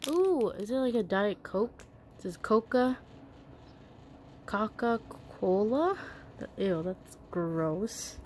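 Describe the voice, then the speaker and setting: A young woman vlogger chatting casually to her viewers as she unboxes a toy, excitable and gasping with delight. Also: medium pitch, slow, a little hiss or hum.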